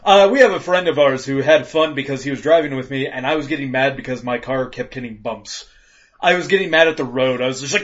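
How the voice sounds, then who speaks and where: A man co-hosting a casual podcast, chatting profanely, laughing often and bursting into loud acted-out rants. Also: medium pitch, fast. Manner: animated, laughs a lot, acts out rants in loud voices. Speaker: podcast co-host. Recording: dull lo-fi podcast audio.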